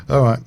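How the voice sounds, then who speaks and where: A man streaming a game, rambling and thinking aloud with lots of fillers as he plays. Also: a little mellow. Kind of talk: casual gameplay commentary.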